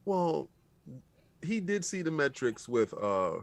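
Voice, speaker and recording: Dude cracking jokes on a podcast, lively pitch, storytelling vibe. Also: male voice, takes it slowly, dry recording. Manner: joking, animated, storytelling. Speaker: podcast co-host. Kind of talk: casual podcast banter.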